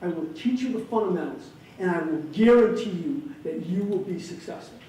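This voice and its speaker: A man's voice: high voice, expressive, brisk, warm tone, a little hiss or hum. A man voicing a big, pushy male wrestling coach who coaxes and insists. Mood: insistent. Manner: insistent, coaxing. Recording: echoey hall, distant mic.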